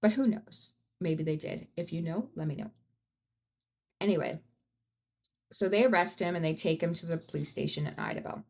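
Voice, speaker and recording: A woman's voice: fairly low pitch, normal speed, pauses often, a little mellow. A woman hosting a podcast, telling a true-crime story in a casual, blunt and profane way, with rising outbursts. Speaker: podcast host.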